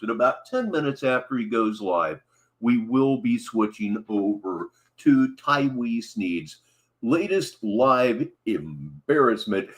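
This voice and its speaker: A man hosting a livestream, giving sardonic commentary on a clip he plays. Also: mid-range voice. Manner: sardonic, mocking asides. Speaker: livestream host. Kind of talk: casual commentary over a played clip.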